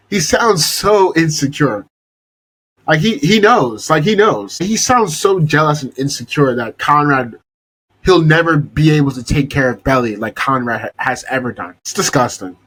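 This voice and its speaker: A young man hosts a podcast in an exasperated, casual rant, swearing freely. His voice is husky and sits a bit high, with wildly lively pitch swings. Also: moderate pace, low-quality recording. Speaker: podcast host. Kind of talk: casual rant about a TV show.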